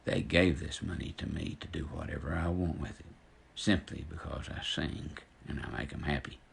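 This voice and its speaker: A man's voice: rumbling low, steady tone, normal speed, creaky, a little hiss or hum, full character voice. A man voicing a kindly, generous male singing star, folksy and calling a woman baby. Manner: warm, folksy, calls her baby.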